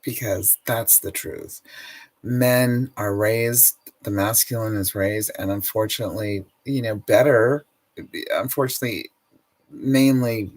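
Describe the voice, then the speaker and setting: A middle-aged man, an energy healer, giving a slow, earnest and emotive spiritual self-help talk. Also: fairly low pitch, rough recording.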